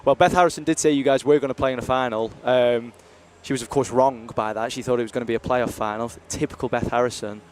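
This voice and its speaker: A man's voice: mid-range voice, fairly even intonation, fast, few pauses, slight background noise. A young man commentating live on a university ice hockey stream, chatty and jokey as he rambles between games.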